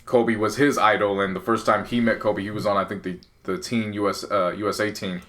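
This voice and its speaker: A man's voice: on the low side, flat delivery, brisk, a bit bright. A man co-hosting a podcast, talking earnestly in long, winding stretches of casual chat. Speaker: podcast co-host.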